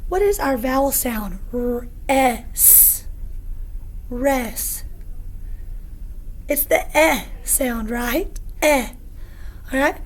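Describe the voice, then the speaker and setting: A woman teacher giving a phonics lesson, patient and encouraging, repeating each word slowly for young students. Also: high-pitched, lively intonation. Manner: slow, patient, encouraging, repeats words aloud.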